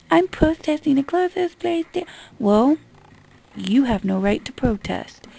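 Gravelly-voiced woman ranting bluntly. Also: mid-range voice, mellow. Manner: blunt, exasperated, swears freely. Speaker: vlogger. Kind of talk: casual ranting monologue.

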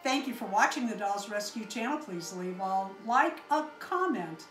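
A woman's voice: medium pitch, lively intonation, moderate pace, a bit bright, echoey room, soft background music. A woman hosting a doll channel, chatting casually as she unboxes gifts and gushes over each one. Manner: gushing, exclaims over each gift.

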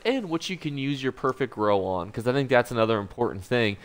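A man's voice: on the low side, clear, resonant tone. A man hosting a scripted video game guide, upbeat and joking, talking over gameplay. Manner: upbeat, joking, self-correcting. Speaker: gaming YouTuber.

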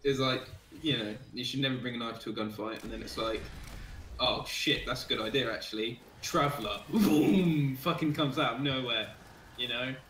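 Man, crude excitable gaming chat, bright tense voice, roomy, set back from mic. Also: medium pitch, normal speed, distant mic, slight background noise. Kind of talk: casual chat with friends while gaming.

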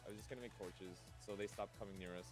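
A man's voice: very fast, faint music behind. A man streaming a game, teasing his co-player in casual chat. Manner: teasing, animated, breaks into high yelps.

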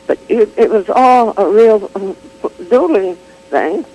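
An older woman chatting as an interview guest, telling an animated anecdote full of restarts, laughs and acted-out quotes. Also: mid-range voice, slow, rough recording. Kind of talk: casual chat, telling an anecdote.

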